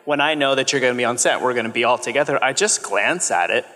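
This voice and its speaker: A man's voice: mid-range voice, bright, forceful tone. A man in his thirties, a children's TV host, speaking earnestly and gratefully on a convention panel. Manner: earnest and grateful, quick bursts of speech. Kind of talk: casual panel talk. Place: large convention hall. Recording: long reverb of a convention hall.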